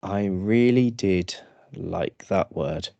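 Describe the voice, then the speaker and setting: A low-pitched, creaky male voice takes things slowly, with no echo but a muffled recording. He's co-hosting a casual podcast chat, animated and jokey, stammering into frequent restarts and slipping into silly put-on voices.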